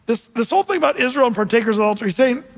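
A male pastor preaching a sermon in an animated way, acting out quoted voices as he explains scripture. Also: very high-pitched, rapid-fire, vocal fry, long reverb tail.

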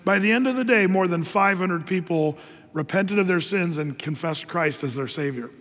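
A man's voice: sits high, normal speed, a bit bright. A man preaching a sermon in a loose, conversational way, full of fillers and restarts. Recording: long hall reverb.

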